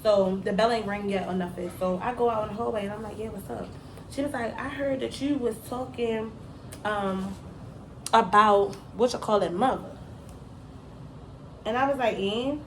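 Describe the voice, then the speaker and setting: A woman's voice: medium pitch, normal speed, roomy sound, a little hiss or hum, poor audio. A middle-aged woman telling a story from her school days in a casual chat, slangy and laughing often. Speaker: mother telling a story on a daughter's channel.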